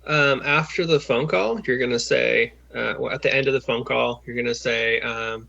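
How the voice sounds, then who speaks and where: A man's voice: mid-range voice, steady tone, normal speed, creaky, few pauses, bright, forceful tone. A man working as a job coach, talking someone through a phone call in a patient, encouraging way with lots of fillers and restarts, over a video call.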